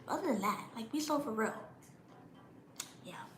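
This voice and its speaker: With a slightly high, somewhat bright voice and lively intonation, a young woman vlogs at a moderate pace, blunt and full of slang. Shivering a little from the cold, she slips into mocking parent impressions in this casual monologue, recorded roughly in a roomy space with slight background noise.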